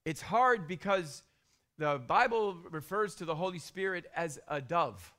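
A middle-aged male pastor delivers a sermon in a high, bright voice. He is animated, sinking to hushed whispers and climbing to loud bursts. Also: unhurried.

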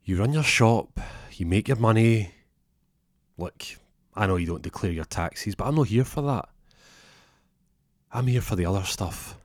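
A man's voice: fairly low pitch, expressive, unhurried, long pauses, no room sound, clean studio sound. A man voicing a self-important young detective who rambles off topic. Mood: pompous. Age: 20s.

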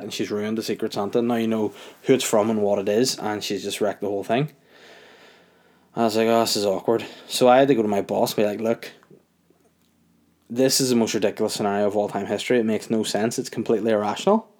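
A young man telling a story in a casual, animated rant, incredulous and full of fillers. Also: on the low side, a little fast.

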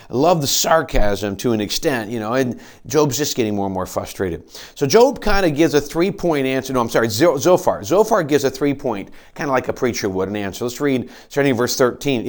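A man preaching a sermon, earnestly explaining scripture, reading verses aloud and often restarting his phrases. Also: a little fast. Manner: earnest teaching with quoted scripture and frequent restarts; animated delivery with rises and drops in pitch and volume. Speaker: pastor.

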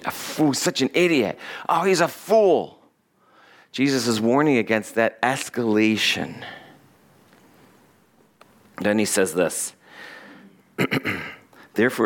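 Male pastor mid-sermon, relaxed and conversational with light jokes, average pitch. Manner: conversational and joking, reading scripture aloud.

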